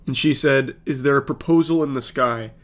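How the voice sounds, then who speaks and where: A man's voice: medium pitch, moderate pace. A man giving comedic commentary on creepy text messages, sarcastic and profane, reading the texts aloud with mocking voices.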